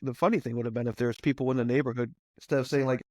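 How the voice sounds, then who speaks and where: A man's voice: mid-range voice, fairly even intonation, darkish tone, dry recording. A man in his thirties co-hosting a podcast in a studio, joking around and laughing a lot. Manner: jokey, laughing, quick comic bits. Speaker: podcast co-host. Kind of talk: casual chat. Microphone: studio mic.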